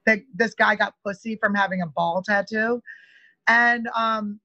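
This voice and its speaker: A woman comedian chatting as a podcast guest, telling a long story in an animated way with lots of "like". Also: mid-range voice, unhurried, no echo, highs cut off. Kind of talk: casual podcast chat.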